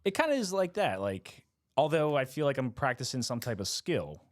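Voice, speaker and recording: Rambling young podcast co-host. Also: male voice, mid-range voice, big pitch swings, moderate pace. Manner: rambling, lots of fillers and laughs. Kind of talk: casual podcast chat.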